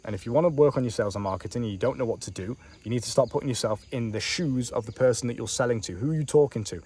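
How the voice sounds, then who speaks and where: A man's voice: mid-range voice, very fast, darkish tone, breathy edge. A man giving a casual outdoor vlog monologue as a business coach, blunt and profane, full of slang, talking straight at the listener. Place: outdoors on a bench in a warm country.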